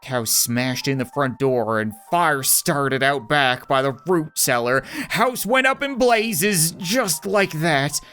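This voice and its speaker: A bitter, worn-out young ranch woman, voiced by a man reading game dialogue, speaks low and slow, stumbling over her words. Her pitch rises and falls a good deal despite the heavy mood. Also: lively intonation, pushed and bright, clean tone, soft background music, exaggerated voice. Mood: bitter, grieving. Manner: low, slow, halting with stammers.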